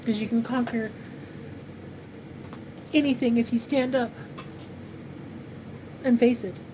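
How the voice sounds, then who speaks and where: A woman's voice: fairly high pitch, steady tone, slow. Rambling heartfelt woman vlogging at home. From California. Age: 50s. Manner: rambling, heartfelt, many fillers. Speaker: crochet channel vlogger. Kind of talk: casual personal vlog. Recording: noisy home recording.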